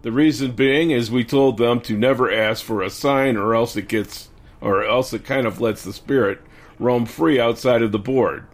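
A man co-hosting a casual podcast, reading stories aloud in a steady way and laughing along. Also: mid-range voice, normal speed.

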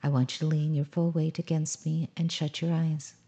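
Lady reading a wise old owl, teasing and prim, low mellow voice. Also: level tone, moderate pace. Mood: firm. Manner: gently scolding, prim questions.

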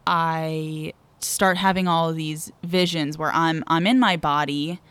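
A woman recounts a personal story as a podcast guest, frank and vivid, holding nothing back. Her voice sits a little low and comes across smooth and clear. She speaks at an unhurried, drawn-out pace. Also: steady tone, a bit bright, dry recording.

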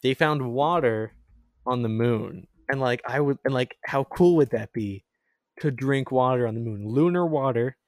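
A man's voice: mid-range voice, moderate pace, no room sound. Brief: chatty male host, mid-range voice, rambling and laughing, dry close sound. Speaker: podcast host. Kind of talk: casual chat.

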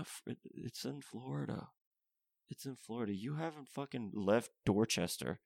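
A man delivers a foul-mouthed comedy rant, rambling and tripping over his own restarts. His voice sits at an ordinary middle pitch. The sound is dry and close, with no room around it. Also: dry recording. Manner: rambling, profane, many restarts and stammers.

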